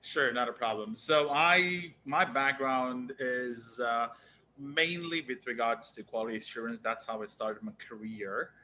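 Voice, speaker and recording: Guy from india on a call, bright forceful voice, lots of uhs, bit of faint noise behind. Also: mid-range voice, low-quality recording. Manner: hesitant, many uh fillers. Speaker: guest. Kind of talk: casual online chat. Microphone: remote call audio.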